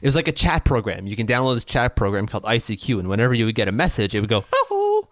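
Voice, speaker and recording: A man's voice: fairly low pitch, very fast, no echo. Chatty Canadian man, dry close sound. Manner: chatty and analytical, laughs easily. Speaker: podcast co-host. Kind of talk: casual sports podcast chat. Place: home basement.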